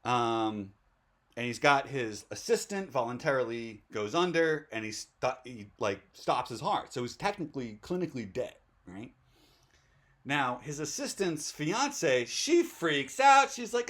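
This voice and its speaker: A man's voice: on the high side, very animated, measured pace, a bit bright. Enthusiastic man rambling about old movies. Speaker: host. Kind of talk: casual movie chat.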